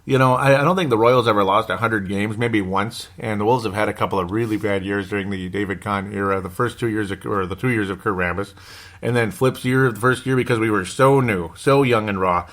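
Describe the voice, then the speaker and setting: A man chats through a casual fan podcast. His voice sits a little low. He rambles from one thought to the next and reads listener comments aloud as he goes. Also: a little fast, fairly bright tone. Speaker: podcast host.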